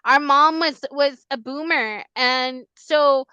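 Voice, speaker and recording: Bright, high-voiced gushing woman. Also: slow, dry recording, lo-fi sound. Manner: gushing, animated and emphatic. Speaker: podcast host. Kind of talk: casual podcast chat.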